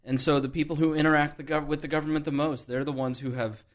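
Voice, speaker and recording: A man's voice: a little high, little pitch movement, fast. A man hosting a podcast, talking candidly and thinking aloud in a casual political discussion. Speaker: podcast host.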